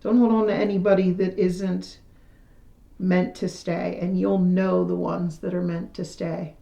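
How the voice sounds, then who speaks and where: A woman doing a casual tarot reading, chatty and self-deprecating, her voice still a little hoarse after losing it. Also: on the low side, little pitch movement, a little slow, dark tone, reverberant. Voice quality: slightly hoarse, recovering from lost voice. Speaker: tarot reader. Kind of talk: casual tarot reading, reading card texts aloud.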